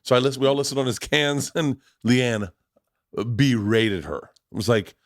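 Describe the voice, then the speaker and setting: With a mid-range voice at a moderate pace, a man in his forties chats on his podcast about his family, swearing without restraint and playing out each relative's part. The audio is dry and studio quality.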